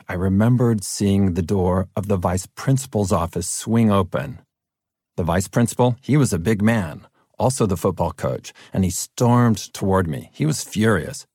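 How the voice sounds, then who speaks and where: A middle-aged man from California narrating his own audiobook in an earnest, personal way, his deep voice cracking at times. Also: warm tone, breathy edge, dry recording, studio quality. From Fresno, California. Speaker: author reading his own book.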